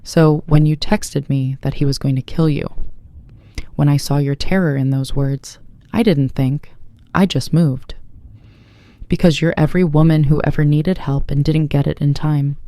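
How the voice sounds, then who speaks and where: A narrator voicing a protective mafia boss, a man who speaks in a calm, measured way. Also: medium pitch, dry recording, natural voice. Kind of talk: scripted audiobook narration.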